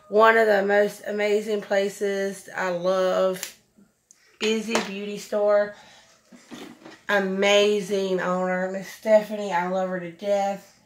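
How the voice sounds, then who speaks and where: Recorded on a camera mic at home, this woman is a beauty vlogger gushing her way through a relaxed makeup tutorial and tossing out plenty of "y'all." She has a mid-range, slightly bright voice.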